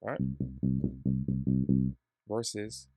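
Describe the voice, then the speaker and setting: A relaxed man walks through a bass lesson in a low, gravelly voice. He sounds chatty and pokes fun at himself. The sound is dry and close, with bass guitar playing faintly behind him. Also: very slow, no echo. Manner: relaxed, chatty, self-deprecating. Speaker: bass teacher.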